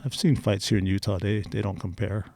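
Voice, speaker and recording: A man's voice: fairly low pitch, steady tone, fairly quick, a little mellow, dry recording. A middle-aged man telling personal stories in a casual interview, candid and blunt. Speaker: interview guest.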